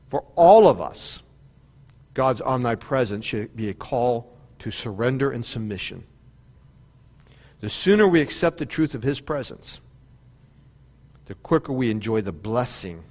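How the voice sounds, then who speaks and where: A man's voice: fairly low pitch, darkish tone, long reverb tail. A man preaching a sermon, building to fervent peaks and then easing into storytelling. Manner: preaching with rising fervor and repetition. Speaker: pastor.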